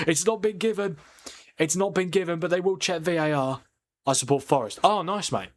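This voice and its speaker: This streamer's voice leans high, and his pace is moderate. Hosting a live football watchalong, he chats with viewers, answering the comments he reads, and reacts excitably to what happens in the match.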